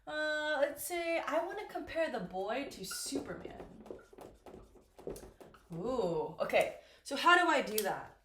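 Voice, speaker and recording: A woman teaches a grammar lesson in a slow, patient, deliberate way, often pausing to check that learners follow. Her voice sits fairly high. The room around her echoes. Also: very animated, fairly bright tone, slight background noise. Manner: slow, deliberate, repeats and checks with "right?" and "okay?". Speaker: English teacher. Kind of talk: classroom grammar lesson at a board.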